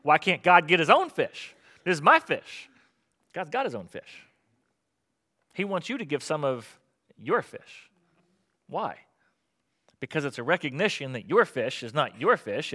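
Middle-aged male pastor, bright forceful tone, lively conversational sermon delivery. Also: mid-range voice. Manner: animated, conversational preaching with rhetorical questions.

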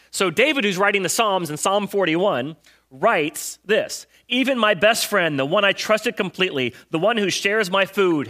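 A man's voice: on the high side, pushed and bright. A man preaching a sermon in a casual, conversational way, retelling Bible stories in slang and quizzing listeners with rhetorical questions. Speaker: pastor.

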